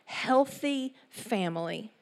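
A middle-aged woman with an East Texas accent, preaching a sermon in an animated storytelling way with asides. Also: a little high, takes it slowly, vocal fry. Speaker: church speaker.

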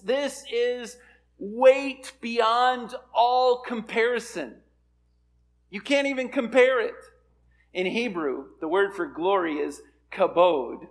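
A man's voice: high voice, fairly bright tone. A man preaching a sermon as a pastor, earnest and building to emphatic peaks.

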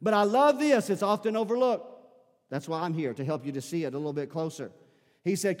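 A man's voice: high voice, expressive, fast talker. A man preaching a sermon as pastor, building emphasis with repeated calls to his congregation. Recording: long hall reverb.

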